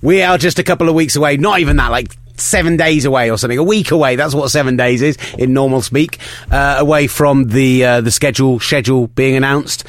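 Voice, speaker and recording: A man co-hosting a sports podcast, chatty and excitable, laughing often. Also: medium pitch, fairly quick, no room sound. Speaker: podcast co-host. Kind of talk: casual chat.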